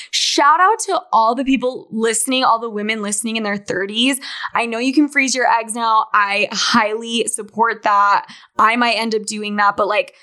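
A woman's voice: on the high side, pushed and bright. A woman in her late twenties from Utah, hosting her podcast in a candid, chatty monologue, often laughing. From Utah, USA. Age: 20s. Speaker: podcast host. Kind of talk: casual monologue.

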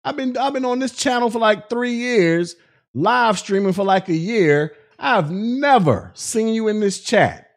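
High-voiced man ranting mockingly. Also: animated, unhurried. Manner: profane, mocking, laughing at critics. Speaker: podcast host. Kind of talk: live-stream rant.

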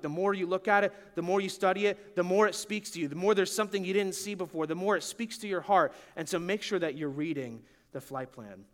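Young man, pastor, high voice, bright tone, casual storytelling sermon, chatty and animated. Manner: animated, chatty, laughs often, full of "like".

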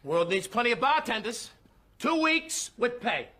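A cold police commander in a crime film. He speaks in a high, bright, lively voice and keeps his words clipped and dismissive. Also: measured pace, exaggerated voice.

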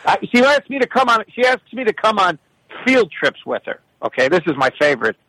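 Lively, high-pitched exasperated man. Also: fairly quick, no echo, low-quality recording. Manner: animated, profane, exasperated rants. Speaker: guest telling stories about his daughter. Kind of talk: comedic casual storytelling.

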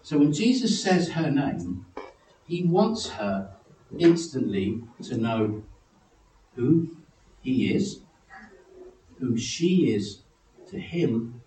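Animated preacher in an echoey hall. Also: male voice, takes it slowly, pauses often, distant mic. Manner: animated, acts out biblical figures in high excited voices. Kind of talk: sermon.

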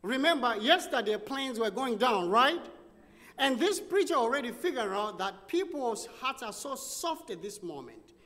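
A male preacher telling a story in a sermon, with animated, dramatic delivery. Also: very high voice, normal speed. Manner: animated, dramatic storytelling with sudden drops and rises. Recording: long church reverb.

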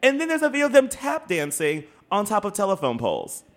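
Animated man, casual podcast co-host. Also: high voice, a little fast. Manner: animated, swearing, laughing, many fillers. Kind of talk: casual chat.

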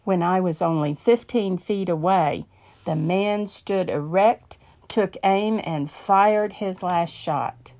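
A woman narrating a story in a measured, earnest way. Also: lowish voice, darkish tone.

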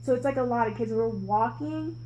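A woman's voice: fairly high pitch, fairly quick, dark tone, highs cut off, slight background noise. A young woman chatting casually, cutting in to tell her side of a story with lots of slang. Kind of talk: casual chat.

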